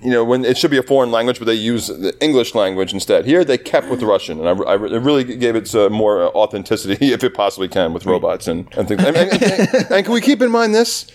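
Male podcast host, mid-pitched, very lively intonation, stammers through restarts, jokey. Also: quick pace, few pauses. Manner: animated, stammering restarts, jokes and laughs. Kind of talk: casual movie discussion podcast.

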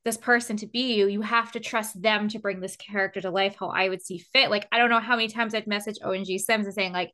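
Bright-voiced young Canadian woman. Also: mid-range voice, steady tone, fast, few pauses. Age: late 20s. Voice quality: youthful girlish voice. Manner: chatty, lots of "like". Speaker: voice actor. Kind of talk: casual roundtable chat.

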